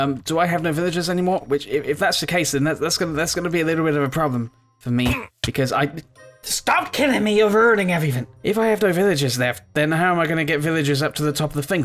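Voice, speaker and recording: Excitable man narrating a game. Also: mid-range voice. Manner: rambling, excitable, yells at the game. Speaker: gaming channel host. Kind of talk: let's play commentary.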